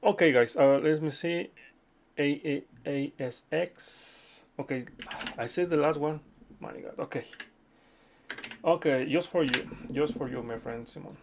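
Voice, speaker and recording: Gravelly-voiced man hosting a live chart stream. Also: a little high, unhurried, a little mellow, slight background noise. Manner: chatty, repeats okay, addresses viewers as friends. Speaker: livestream host reading viewer chart requests. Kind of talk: casual live chart analysis.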